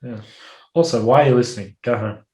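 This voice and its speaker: An Australian man co-hosting a podcast, chatting in a laid-back, easygoing way and trailing off softly. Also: medium pitch, fast. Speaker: podcast co-host. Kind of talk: casual chat between mates. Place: home office. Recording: roomy echoey room.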